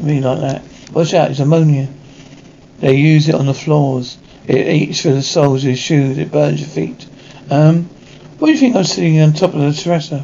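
A man reading a television episode script aloud and voicing every part himself in a flat read-through, on a dull, slightly lo-fi recording with faint hiss. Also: fairly high pitch, gravelly. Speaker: radio reader.

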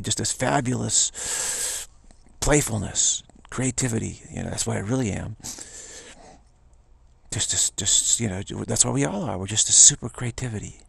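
A man's voice: mid-range voice, creaky, slightly rough, no echo. A man giving an informal spiritual talk in a rambling, repetitive way, often slipping into quoted voices. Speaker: spiritual teacher.

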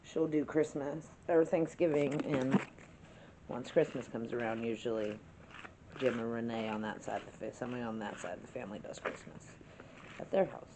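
A woman vlogger telling a story in a casual chat-with-me video, chatty and animated, laughing through it and swearing now and then. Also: very deep voice, moderate pace, background noise.

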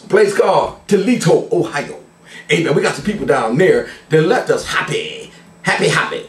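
An older man, a pastor, greeting his family and viewers in a playful, folksy way, peppering his talk with "glory to God" and "amen". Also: high voice. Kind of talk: church service shout-outs. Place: church sanctuary. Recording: echoey church sound from a distance.

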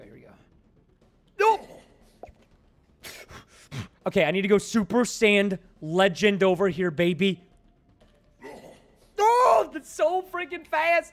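A man commentating his own game on a livestream, excitable and jokey, shouting when frustrated. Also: high-pitched. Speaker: gaming livestreamer. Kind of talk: casual gaming livestream commentary.

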